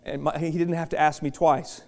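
A middle-aged male pastor preaching a sermon, chatty and joking, swinging from quiet asides to loud shouted bursts. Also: fairly high pitch, little pitch movement, a little fast, creaky. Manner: chatty, joking storyteller with many restarts.

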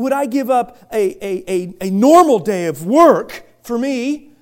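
A middle-aged male pastor preaching a sermon, chatty and joking, swinging from quiet asides to loud shouted bursts. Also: very high-pitched. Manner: chatty, joking storyteller with many restarts.

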